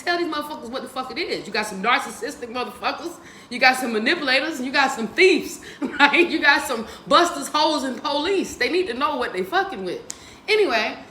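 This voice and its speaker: Woman in her forties, bright forceful voice, high-pitched, profane animated storytelling, roomy echo, faint ambience. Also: slight background noise. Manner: animated, profane, laughs a lot. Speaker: host of a book reading stream. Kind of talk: casual storytelling and book discussion.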